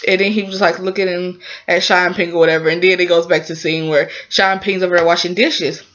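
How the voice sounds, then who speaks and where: A woman casually recapping a drama episode in a rambling, chatty way, full of fillers and lively exclamations. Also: on the low side, fast talker, lo-fi sound.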